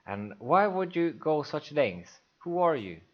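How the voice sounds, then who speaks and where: A man voicing a composed male palace official who speaks in a measured, formal way. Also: on the high side, very animated, lo-fi sound, pitched above the performer's own voice.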